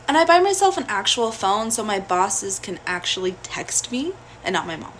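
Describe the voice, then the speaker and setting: A woman's voice: high voice, slight background noise. Blunt young woman telling her story. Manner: blunt, profane, animated. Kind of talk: casual storytime video.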